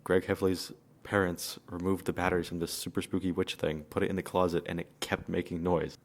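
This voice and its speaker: A teenage boy on a youth radio team telling a story in a relaxed, halting way with many fillers. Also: deep voice, gravelly. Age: teens. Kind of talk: casual storytelling.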